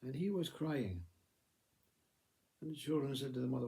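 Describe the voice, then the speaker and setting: Gravelly, dark-voiced male storyteller. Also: mid-range voice. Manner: measured, repetitive, gently emphatic. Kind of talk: spoken parable.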